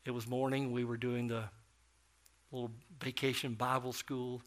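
A middle-aged man preaching a sermon as a pastor, telling a story with big swings between loud and soft. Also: mid-range voice, little pitch movement, moderate pace.

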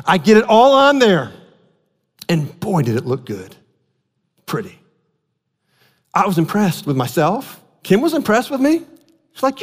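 A man's voice: high-pitched, sing-song, measured pace, pauses often, in a large hall. A man preaching a sermon as a pastor, talking in a conversational storytelling way and repeating key phrases for emphasis.

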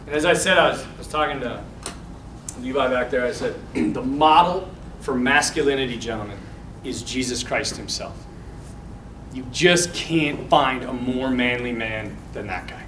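Casting note: man with a high, bright voice, animated preacher to young men, echoey room from far off. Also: moderate pace, a little hiss or hum. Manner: animated, casual, quotes scenes with feeling. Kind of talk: informal talk to young men.

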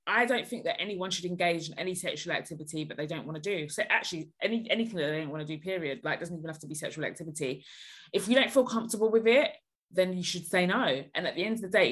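A woman's voice: on the low side, slightly rough. A woman hosting a podcast, giving blunt, emphatic advice in casual chat.

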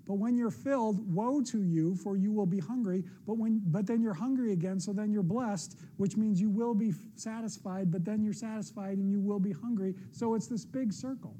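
Husky, very dark-voiced male pastor preaching. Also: high-pitched, normal speed. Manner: conversational, earnest preaching with personal asides. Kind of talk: sermon.

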